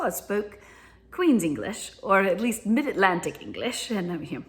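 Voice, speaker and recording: A woman's voice: mid-range voice, sing-song, moderate pace. A woman with a Southern US accent, telling casual stories and laughing often as she talks. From Southern United States. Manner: giggly, laughs often while talking. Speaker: vlogger. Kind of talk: casual storytelling monologue.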